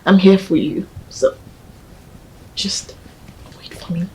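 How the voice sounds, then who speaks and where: An actress playing a gentle young woman who tenderly coaxes her grieving partner, often speaking in a hush. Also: medium pitch, fairly even intonation, slow pace, breathy edge, whispered, poor audio. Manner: tender and coaxing, often hushed. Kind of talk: film drama acting.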